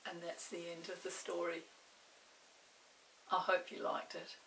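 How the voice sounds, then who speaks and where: An older woman reading a children's book aloud, expressive and animated. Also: on the low side, measured pace, vocal fry, distant mic, a little hiss or hum, low-quality recording. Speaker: storyteller.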